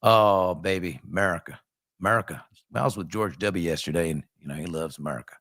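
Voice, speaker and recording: Man putting on a blustering older politician, low and gruff, close and dry. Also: fast talker, fairly bright tone, dry recording. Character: brash older male politician impression.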